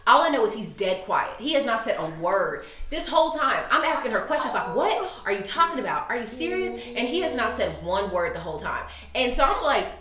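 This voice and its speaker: A woman in her thirties telling a story in casual chat, animated and acting out the voices she quotes. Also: on the high side, brisk, hardly any pauses, crowd noise. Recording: echoey room.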